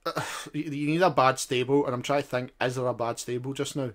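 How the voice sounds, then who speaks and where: A man hosting a wrestling chat show, halting and swearing as he talks. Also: mid-range voice, steady tone, a bit bright. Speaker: podcast host.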